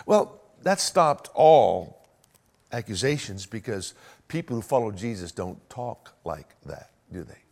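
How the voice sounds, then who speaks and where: A man preaching a sermon in an animated way, swinging between hushed and loud delivery and often repeating words as he goes. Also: medium pitch.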